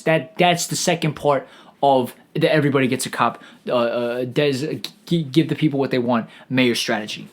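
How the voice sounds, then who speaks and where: A man hosting a comedy podcast, delivering a sarcastic, profane rant that rambles along with frequent stammered restarts. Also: medium pitch.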